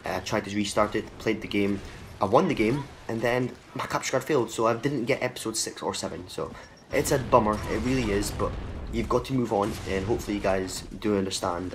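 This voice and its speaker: Low-voiced gamer commentating over game noise. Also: male voice. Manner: excitable, swears freely, talks to the players on screen. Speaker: gaming channel host. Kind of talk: live gameplay commentary. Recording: game sounds under the voice, clearly audible.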